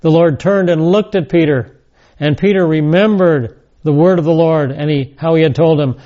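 A man's voice: on the high side, normal speed, mellow. A man teaching a scripture lesson, reading verses and adding casual asides. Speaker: Bible teacher. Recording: dull lo-fi recording.

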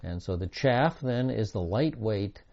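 A man's voice: on the low side, animated, a little slow, darkish tone, muffled recording. A man giving a Bible teaching with slides, reading scripture aloud in an earnest, emphatic way.

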